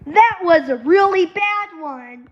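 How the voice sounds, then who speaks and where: A woman's voice: extremely high pitch, lively intonation, slow, dull audio. A woman vlogging casually at a table at home, rambling and saying "anyways" between thoughts. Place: at a table indoors.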